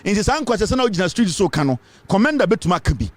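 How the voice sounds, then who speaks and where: A man's voice: high voice, sing-song, fast, no room sound. A Ghanaian man giving impassioned political commentary, emphatic and fiery, repeating his points and switching between English and Twi.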